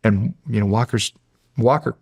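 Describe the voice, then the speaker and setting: A man's voice: on the low side, moderate pace, vocal fry, darkish tone, husky, no echo, studio quality. A man in his forties, a podcast guest, telling a long, emotional story in a rambling way with many restarts. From United States. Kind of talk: casual storytelling.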